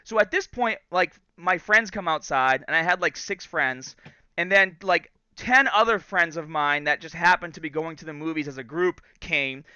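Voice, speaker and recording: A man in his thirties hosting a podcast, telling a story casually and in an animated way, acting out the quotes. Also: on the high side, moderate pace, clear, resonant tone, dry recording, lo-fi sound. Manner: animated storyteller, acts out quotes and laughs often. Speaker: podcast host.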